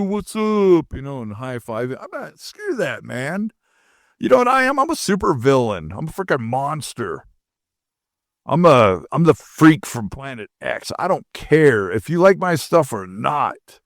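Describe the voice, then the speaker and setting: Male podcast host, mid pitch, blunt ranting solo monologue, dry close mic. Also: no room sound. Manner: blunt, ranting, mocks others in put-on voices.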